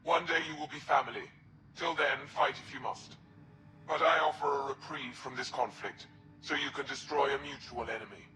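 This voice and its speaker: A cold, scheming alien traitor , voiced by a man, speaks with slow, solemn formality from a video game. His voice rings with echo, and loud music plays underneath. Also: mid-range voice, fairly even intonation, lightly acted. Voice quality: solemn, measured, echoing. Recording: echoey game audio over loud music.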